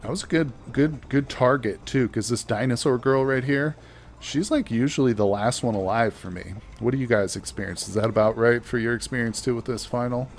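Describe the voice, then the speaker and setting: A man's voice: medium pitch, fairly quick, a little hiss or hum. A man giving casual, chatty gameplay commentary as a let's play host, joking with his viewers as he plays.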